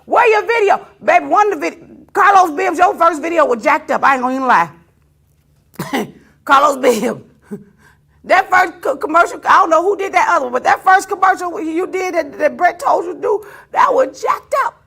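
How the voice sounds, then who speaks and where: A woman's voice: extremely high pitch, expressive, normal speed, vocal fry, fairly bright tone. A woman talk show host, ranting to her viewers in a teasing, laughing way. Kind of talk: casual on-air rant to viewers.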